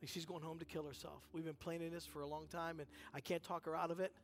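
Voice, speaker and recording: A man with a notably high-pitched voice preaches from a church stage. He tells his story in an energetic, chatty way, slipping into the voices of the people he describes. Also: fast talker, faint music behind. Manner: energetic and conversational, acts out dialogue in the story. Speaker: guest speaker at a church service. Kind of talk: animated sermon storytelling. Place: church sanctuary.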